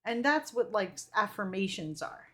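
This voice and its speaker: A woman streamer chatting casually on a live stream, reading viewer comments aloud and talking in an animated way with the odd swear. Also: medium pitch, normal speed.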